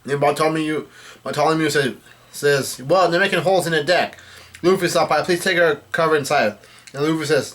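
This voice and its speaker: Reading through a comic chapter in a relaxed way, a man relays what the characters say in a plain voice that's a little high and a bit bright. He keeps halting to fix his own mistakes.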